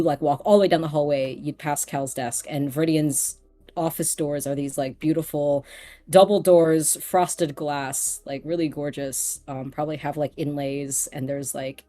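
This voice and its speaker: A woman's voice: sits low, warm tone. A woman narrating as game master of a tabletop role-playing game, rambling with many fillers. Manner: rambling, lots of fillers, laughs easily.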